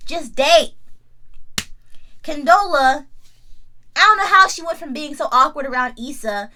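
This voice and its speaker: A young woman chats through a TV episode recap in an animated, slangy way, often talking straight back to the characters. Her voice sits a little high and has a bright, forceful edge. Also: measured pace, slight background noise. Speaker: YouTube TV recap host. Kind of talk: casual review chat.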